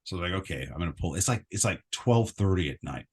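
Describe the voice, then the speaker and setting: Man, podcast co-host, very deep husky voice, relaxed easygoing chat. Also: brisk. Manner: easygoing, laughs, restarts. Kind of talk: casual chat. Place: lives in Texas.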